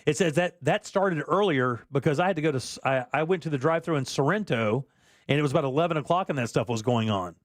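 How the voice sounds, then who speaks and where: A man hosts a talk-radio show in a loose, chatty way, laughing often between stories. His voice sits a little high for a man. The studio microphone sounds close and completely dry. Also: quick pace, no echo. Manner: chatty, laughs easily, reads listener texts aloud. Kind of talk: casual talk-radio banter.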